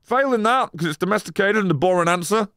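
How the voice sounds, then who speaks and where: A man's voice: high voice, expressive, quick pace, fairly bright tone, smooth, no echo, clean studio sound. A man casually chatting on a live stream, rambling and swearing, laughing often as he reads chat.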